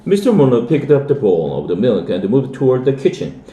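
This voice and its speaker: A man's voice: mid-range voice, a little fast. Man reading a storybook in an echoey room. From South Korea. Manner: steady read-aloud with lively dialogue. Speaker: English teacher reading aloud. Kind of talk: reading a children's novel aloud.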